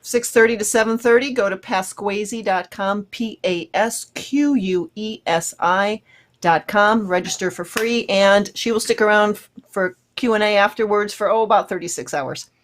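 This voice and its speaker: A woman's voice: medium pitch, moderate pace. A woman co-hosting a radio talk show, casually plugging events and articles. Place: radio studio.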